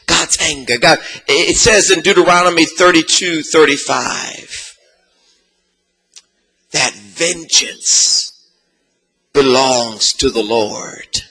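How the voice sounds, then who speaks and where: A man preaching a sermon in a sing-song cadence, asking the congregation questions and swelling into shouts. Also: a little high, takes it slowly, pauses often, breathy edge.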